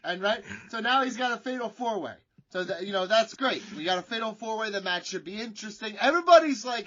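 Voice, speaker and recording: A man's voice: high-pitched, animated, quick pace, few pauses, pushed and bright. A man co-hosting a wrestling podcast, telling a rambling, profane story in casual chat. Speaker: podcast co-host. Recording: dull lo-fi sound.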